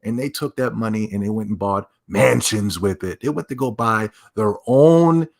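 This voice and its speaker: A man's voice: on the low side, normal speed, creaky. Emphatic rambling male streamer. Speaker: streamer commentator. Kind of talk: casual commentary.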